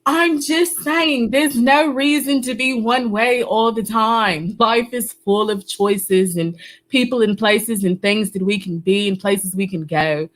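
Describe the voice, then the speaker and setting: A woman's voice: a little high, slow. A woman putting on a flamboyant stand-in host. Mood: playful. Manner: theatrical, teasing, with an accent that wanders between places. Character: flamboyant globe-trotting female substitute host. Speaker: stand-in host of an online reading night. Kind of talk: playful live-stream hosting banter.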